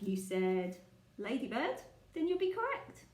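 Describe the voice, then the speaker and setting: A woman's voice: medium pitch, expressive, takes it slowly, darkish tone. A woman leading a guessing game for young children, speaking patiently and asking the listener questions. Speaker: children's teacher. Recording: echoey room.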